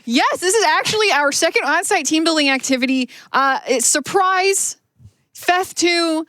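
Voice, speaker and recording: A woman running a live tabletop game as game master, narrating playfully with quick improvised asides. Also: extremely high pitch, lively intonation, pushed and bright, dry recording, studio quality. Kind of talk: live tabletop role-play at a charity marathon. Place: live charity marathon stage.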